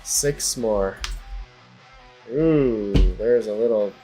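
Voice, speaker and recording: Over background music, a livestream host with a lowish voice draws out his words. He's a chatty man talking to his viewers as he works on and tests hardware.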